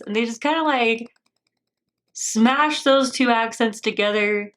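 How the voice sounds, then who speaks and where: A woman's voice: on the high side, normal speed, fairly bright tone. An American woman hosting a reaction video, rambling and laughing often, with a sarcastic edge. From United States. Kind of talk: casual commentary.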